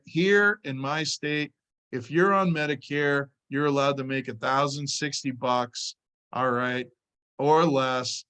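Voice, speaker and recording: A man, at a middle pitch, talking through a sales training session. He tells a client story in a loose, punchy way and keeps stopping to say "all right." His delivery is casual and conversational. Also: fairly bright tone.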